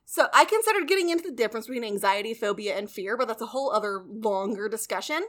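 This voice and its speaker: A woman's voice: on the high side, lively intonation, a bit bright. A woman co-hosting a podcast, explaining facts in a casual way with playful asides. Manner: informative, quick asides, playful jokes. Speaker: podcast co-host.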